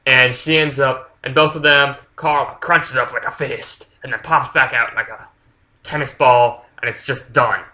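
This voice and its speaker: A man's voice: mid-range voice, fairly even intonation, measured pace, bright, forceful tone, rough recording. A man casually retelling a story's plot for a book review, rambling with lots of fillers and swearing freely.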